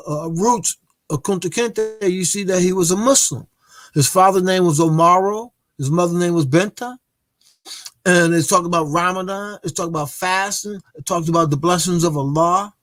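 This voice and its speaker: A man delivers a religious history lecture in a somewhat high voice, often pausing on fillers and restarting his sentences. The sound is dry and close. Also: a bit bright, dry recording. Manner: hesitant, many filler pauses and restarts.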